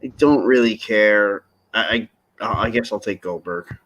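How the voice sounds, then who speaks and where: A man's voice: on the low side, unhurried, fairly bright tone, slight background noise. A man co-hosting a podcast, talking casually and jokingly, with lots of restarts and asides. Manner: rambling, jokey, lots of restarts. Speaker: podcast co-host. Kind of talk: casual wrestling chat.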